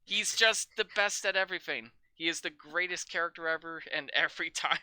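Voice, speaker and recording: A podcast host in a casual film chat, swearing freely, laughing a lot and mocking scenes with quick impressions. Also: medium pitch, bright, forceful tone, clean tone, no echo.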